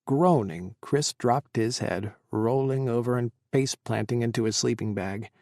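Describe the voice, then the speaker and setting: In studio-quality sound with no room noise, a medium-pitched man narrates an audiobook from a script. His reading stays even and measured.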